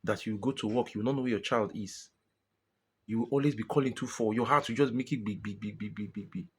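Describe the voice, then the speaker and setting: A man's voice: mid-range voice, a little fast, slight background noise. A Nigerian man venting in a frustrated personal monologue to his viewers, exasperated and pleading, often repeating himself. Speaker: vlogger.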